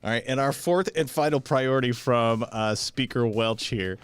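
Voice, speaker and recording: A man co-hosting a casual political talk show, who teases the host and cracks quick jokes. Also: medium pitch, clean tone. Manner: wry, teasing, quick with jokes.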